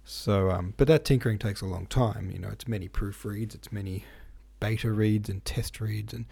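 A man's voice: lowish voice, steady tone, moderate pace, gravelly, warm tone, husky. A man hosting a casual solo podcast, talking in a rambling, hesitant way with many fillers and restarts. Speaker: podcast host and novelist.

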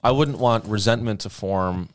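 A man's voice: moderate pace, dry recording, clean studio sound. A man co-hosting a podcast in casual, joking chat. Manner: joking, breaks into high mock voices. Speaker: podcast co-host.

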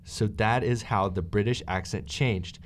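A man's voice: on the low side, unhurried, a little hiss or hum. A man co-hosting a casual podcast, playfully laying out a theory at length. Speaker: podcast co-host. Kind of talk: casual chat.

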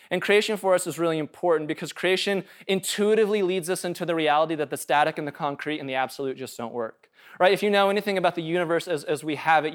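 A man's voice: on the high side, clean tone. A male pastor preaching a casual, conversational sermon, joking and often checking in with the room. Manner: casual, conversational, jokey, asks "right?" often.

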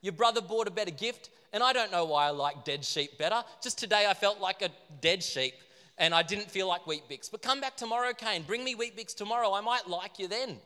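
Laid-back blunt God, bright and a little high , done by a male storyteller, echoey hall. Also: a little fast. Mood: offhand, matey. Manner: matey, offhand, then stern and warning. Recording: reverberant hall.

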